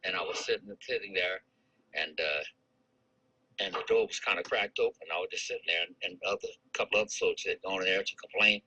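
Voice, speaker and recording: An old army veteran in his eighties, from St. Louis, tells his life story in an interview. His voice is husky and strikingly bright and edgy, and he rambles, restarting sentences and chuckling now and then. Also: low voice, fairly quick, rough recording. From St. Louis, United States. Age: 80s. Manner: chuckles while recalling.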